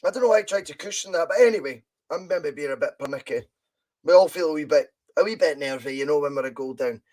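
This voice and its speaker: A Scottish man hosting a football podcast, giving live fan commentary on a match, chatty and reading out viewer comments, with excited bursts at chances. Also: fairly high pitch, quick pace.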